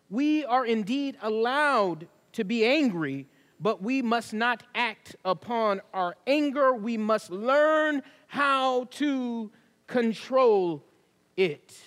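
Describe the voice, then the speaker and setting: A man with a very high voice delivers a sermon to his congregation. He preaches in an easy, conversational way, mixing asides with scripture. His voice rings out into the long reverb of a church hall. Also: lively intonation, unhurried, a bit bright. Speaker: pastor. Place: church sanctuary.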